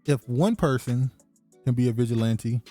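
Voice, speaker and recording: A man's voice: medium pitch, normal speed, mellow, soft background music. A man hosting a casual political podcast, reading news aloud and adding his own asides while talking over his co-host.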